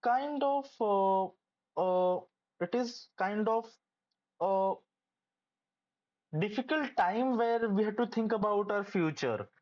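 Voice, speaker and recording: A young adult medical student giving casual, hesitant advice with many pauses and restarts. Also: medium pitch, animated, a little mellow, highs cut off.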